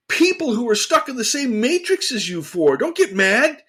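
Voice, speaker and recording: A man co-hosting a casual theological discussion, talking in an animated, emphatic way and repeating phrases for emphasis. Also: extremely high pitch, normal speed, hardly any pauses. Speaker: podcast co-host.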